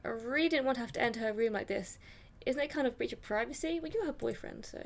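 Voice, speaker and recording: High-voiced young woman reading a game aloud. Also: quick pace. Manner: reads the story dramatically in first person, with swearing reactions. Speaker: gaming YouTuber. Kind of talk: let's play, reading game text aloud.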